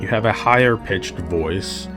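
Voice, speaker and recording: A gaming video host with a low voice and measured pace casually comments on a video game, joking and sounding exasperated as he talks to the characters. Loud game music and a chorus play behind him.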